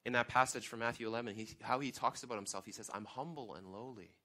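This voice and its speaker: A man's voice: mid-range voice, quick pace, bright, forceful tone. A man in his thirties, a guest pastor, preaching a sermon in a conversational way with emphatic questions.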